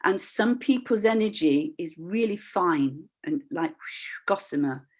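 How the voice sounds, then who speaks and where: With a fairly low, unhurried voice, an older woman who works as a voice practitioner and workshop leader tells personal stories on a video call. She's reflective and candid, voicing characters expressively, with frequent restarts.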